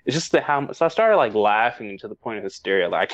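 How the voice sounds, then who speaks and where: A man's voice: medium pitch, animated, fairly quick, no room sound. Man, casual movie chat, rambling, laughs a lot, dull dry lo-fi sound. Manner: rambling, emotional, laughs often, many restarts. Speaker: podcast co-host.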